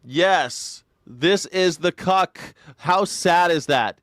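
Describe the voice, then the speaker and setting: A man's voice: high voice, drawn-out words, fairly bright tone, dry recording, clean studio sound. A man hosting a live news reaction show, talking in a crude, sarcastic and mocking way. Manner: sarcastic, crude and mocking, slips into exaggerated mimicking voices.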